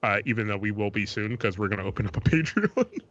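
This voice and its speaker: A man's voice: lowish voice, very animated, fast, a bit bright, muffled recording, a little hiss or hum. A man co-hosting a casual podcast, rambling, swearing freely and restarting his sentences. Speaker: podcast co-host.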